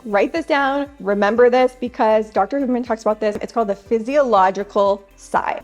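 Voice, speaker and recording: A self-help vlogger in her thirties offers wellness tips straight to camera, earnest and chatty as she addresses her viewers directly. Her voice is a little high with a darkish tone.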